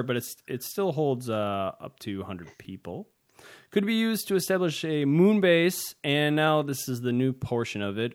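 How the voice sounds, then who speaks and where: A man co-hosting a casual tech podcast, talking in a loose, rambling way with frequent hesitations and chuckles. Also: medium pitch. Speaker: podcast co-host.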